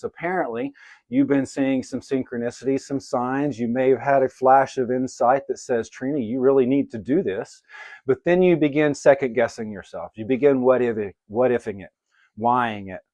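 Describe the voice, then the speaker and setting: A man's voice: mid-range voice, moderate pace, a little mellow, no echo. Casual man doing live card readings. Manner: casual, swears, greets viewers by name. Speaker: livestream card reader.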